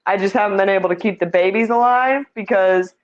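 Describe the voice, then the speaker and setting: A woman's voice: mid-range voice, brisk, dull audio. A woman giving a casual tour of the fish tanks in her home, chatty and self-deprecating, laughing easily.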